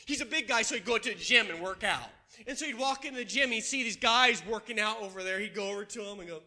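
A man preaching a sermon to his congregation, telling stories in an animated way and asking them questions. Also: sits high, fast talker, few pauses. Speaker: pastor. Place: church.

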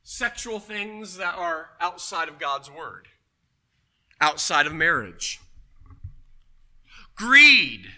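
A man preaching a sermon, telling a personal story with emphatic, loud punches. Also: high-pitched, sing-song, takes it slowly. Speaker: pastor.

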